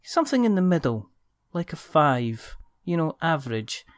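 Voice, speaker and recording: A man's voice: a little high, very animated, moderate pace, dry recording, studio quality. A man hosting a podcast, wrapping up the show with jokey plugs and thanks. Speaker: podcast host. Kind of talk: casual chat and show outro.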